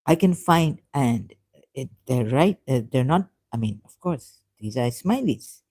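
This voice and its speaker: A woman vlogging about religion to camera, hesitant and halting with many restarts, earnest and openly frustrated. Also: extremely low pitch, expressive, darkish tone, husky. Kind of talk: unscripted talk to camera.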